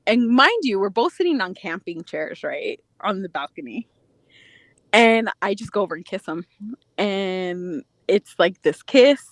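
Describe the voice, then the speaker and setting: A woman's voice: medium pitch, a little slow, no room sound. A woman telling a dating story in casual chat, acting out quotes with lots of laughter. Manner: animated, laughing, acts out quotes. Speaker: podcast guest.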